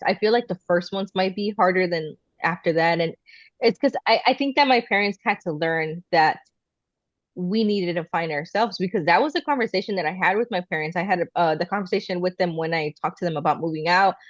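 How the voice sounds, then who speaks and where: A woman's voice: fairly low pitch, no echo, lo-fi sound. A woman in her thirties co-hosting a podcast, telling a personal story casually and acting out what her family said. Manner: animated, acts out quoted voices of family. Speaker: podcast co-host.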